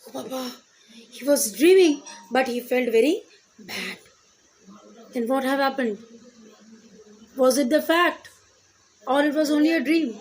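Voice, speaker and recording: A woman with a Bengali accent teaches a literature class in a high voice. She reads a line of the poem aloud and then explains it to her students. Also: unhurried, pauses often, a little hiss or hum.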